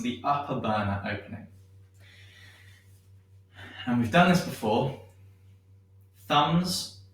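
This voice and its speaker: A man teaching a shiatsu class, guiding breathing and stretches in a gentle, unhurried way with many pauses and ums. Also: mid-range voice. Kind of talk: guided movement class. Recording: echoey room, far from mic.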